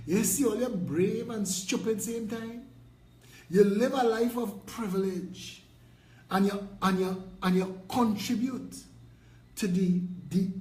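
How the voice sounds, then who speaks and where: A man's voice: high voice, darkish tone, echoey room, poor audio. A man with a Trinidadian accent, a political party leader delivering an impassioned, combative and preachy rant with mocking jabs.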